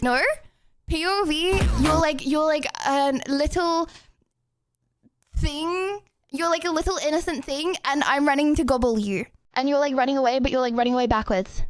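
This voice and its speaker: A woman's voice: sits high, normal speed, no echo, clean studio sound. A young woman streaming live, chatting casually and giggling with her chat, a little out of breath.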